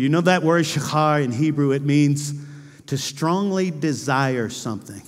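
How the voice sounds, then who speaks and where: A male pastor preaching a sermon with passion, moving between loud cries and hushed, intimate lines. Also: fairly high pitch, expressive, moderate pace. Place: church sanctuary. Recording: church hall with long reverb.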